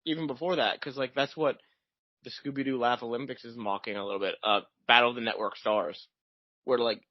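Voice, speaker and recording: A man's voice: mid-range voice, steady tone, a little fast, dry recording. A young man co-hosting a podcast, chatting casually in a rambling way full of tangents and fillers. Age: young adult. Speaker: podcast co-host. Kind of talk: casual chat. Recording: dull dry lo-fi audio.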